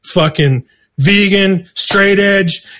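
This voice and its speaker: A man's voice: high-pitched, drawn-out words, a little hiss or hum. A man telling a story casually, swearing a lot and laughing along as he goes. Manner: animated, swears constantly, laughs through the story. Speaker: storytelling guest.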